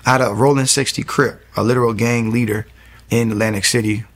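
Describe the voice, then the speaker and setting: A man's voice: mid-range voice, steady tone, fairly quick, fairly bright tone. A young man giving an earnest, emotional personal testimony as an interview guest, telling his story with lots of quoted dialogue.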